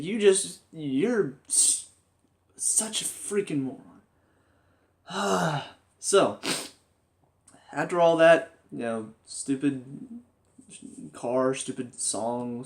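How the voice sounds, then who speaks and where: A young man reviewing a TV episode in a ranting video, his voice sitting a little high for a man. He talks in an exasperated, sarcastic way and repeats himself as he vents. His rant keeps coming back to the same complaints. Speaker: TV show reviewer.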